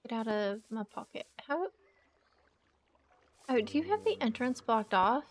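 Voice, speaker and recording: A woman's voice: a little high, sing-song, unhurried, a little hiss or hum. A woman hosting a game playthrough in casual commentary, chatty and exclaiming as she talks to the creatures on screen. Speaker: let's play host.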